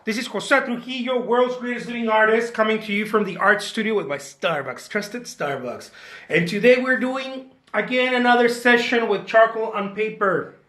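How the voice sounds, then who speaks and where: A man's voice: high voice, normal speed, sharp tone. Jokey man in an echoey studio. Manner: jokey, chatty, self-mocking boasts. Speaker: artist hosting a drawing demo. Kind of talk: casual art demonstration. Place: art studio.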